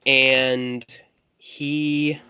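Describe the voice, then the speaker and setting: A man running a tabletop role-playing game as its game master. He pitches right in the middle of the male range and talks with plenty of ums and uhs, stopping and restarting as he sets each scene. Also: flat delivery, extremely slow, bright, forceful tone, smooth. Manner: hesitant, many fillers.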